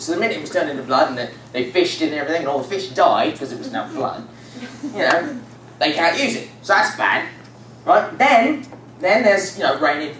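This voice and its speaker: A higher-voiced young man recounts a Bible story for a youth group, meandering along with laughter and plenty of fillers. The mic sits at a distance in a reverberant church space, and a steady hiss of noise persists throughout.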